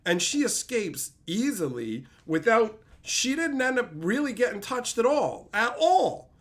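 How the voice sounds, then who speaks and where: A man's voice: very high voice, big pitch swings, a little slow, a bit bright. A man streamer ranting in a profane, mocking way, mimicking people in silly voices. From Canada. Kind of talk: ranting commentary.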